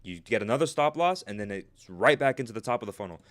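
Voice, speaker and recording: A young man coaching traders on a live stream, talking fast and tagging "right?" onto his points. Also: lowish voice. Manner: energetic, repeats "right?" as a check-in, acts out traders' inner voices. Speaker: trading coach.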